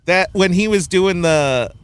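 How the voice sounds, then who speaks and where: A man's voice: high-pitched, smooth, no echo. A man hosting a casual film review chat, blunt and opinionated, often laughing at his own points. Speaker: podcast host reviewing a film.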